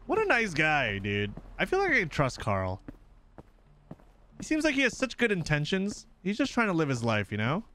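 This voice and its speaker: Excitable young man commenting a game. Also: a little high, normal speed, slight background noise. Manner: excitable, yelling and laughing. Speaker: gaming video host.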